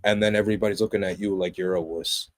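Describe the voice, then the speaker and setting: A young adult man co-hosting a podcast, chatting casually about a movie in an animated, passionate way that swings from loud excitement to low, earnest tones. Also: fast. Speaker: podcast co-host. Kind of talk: casual movie review chat.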